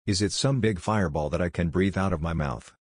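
A man's voice: low-pitched, brisk, no echo, studio quality. A man voicing an eager, cheerful young boy ninja in a read-aloud story.

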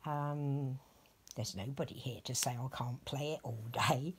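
A middle-aged woman chatting through a rambling home story, slipping into soft whispers as she dresses a doll. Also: very deep voice, a little slow, husky. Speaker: vlogger dressing a reborn doll.

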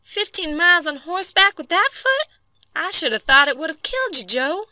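A woman voicing a young frontier wife and new mother who speaks softly and pleads, rising into worry. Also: fairly high pitch, unhurried, no room sound, voice pushed up. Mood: anxious. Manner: soft, pleading, rising to alarm.

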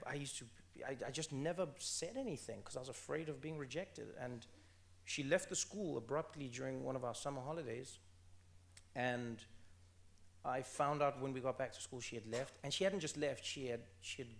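Male guest, 30s, from South Africa: animated conversational storyteller who stumbles and restarts. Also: mid-range voice, slight background noise. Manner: animated, repeats words when restarting, laughs while telling stories. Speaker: author and comedian guest.

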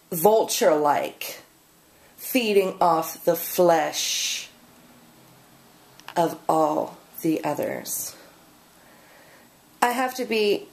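A woman's voice: mid-range voice, darkish tone. A woman poet ranting sarcastically in a casual video blog. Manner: exasperated, sarcastic. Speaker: poet and performer.

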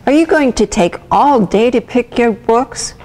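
A woman's voice: very animated, a little slow, breathy edge, exaggerated voice. A woman voicing an impatient, easily scared young girl bear cub in a children's storybook reading. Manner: high, squealy and insistent.

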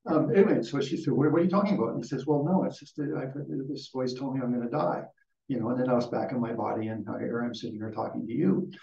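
An older man gives a dharma talk as a Buddhist teacher, rambling and restarting his sentences as he goes. His voice is gravelly. The recording is dull and roomy, picked up from a distance. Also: medium pitch, steady tone, fast talker, dark tone. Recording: dull, echoey room from far off.

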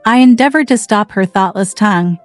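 Brief: female audiobook narrator, measured literary reading, close dry sound, light music bed. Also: medium pitch, no room sound. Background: faint background music.

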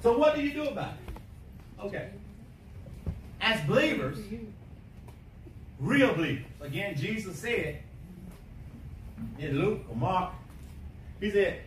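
High-voiced preacher, bright and intense. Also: male voice, lively intonation, normal speed, long pauses. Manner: emphatic, swinging from quiet to shouting. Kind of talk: sermon. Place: church sanctuary. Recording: echoey church from a distance, faint hiss.

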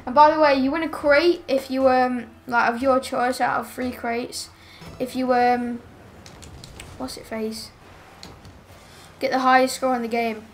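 A woman's voice: sits high, steady tone, measured pace, slight background noise. A woman streaming a game live, chatting with teammates and getting exasperated with one player. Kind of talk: live gameplay commentary.

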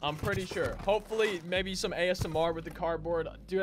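A man's voice: sits high, fairly even intonation, fairly quick, few pauses, soft background music. A young man chatting casually to viewers as he unboxes a console, a bit out of breath. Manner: chatty, talks to viewers as y'all. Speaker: gaming YouTuber.

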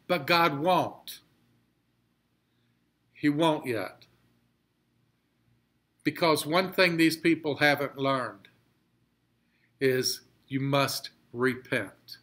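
A pastor teaching a Bible study, reading scripture slowly and explaining it with emphatic repetition. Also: male voice, on the high side, bright, forceful tone.

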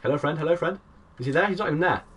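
A young man, giving excitable play-by-play commentary on his live game stream and greeting chat viewers. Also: fairly high pitch, rapid-fire, breathy edge, distant mic. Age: 20s.

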